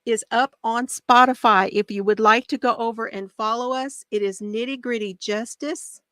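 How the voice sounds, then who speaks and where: A woman hosting a casual crafting video, bubbly and excitable, laughing often as she talks. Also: on the high side, normal speed, no echo. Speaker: knitting video host.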